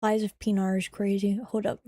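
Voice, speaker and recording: A young woman streamer in casual live-stream chat, excitable and chatty, swearing and teasing her viewers. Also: medium pitch, fairly quick, no room sound, studio quality.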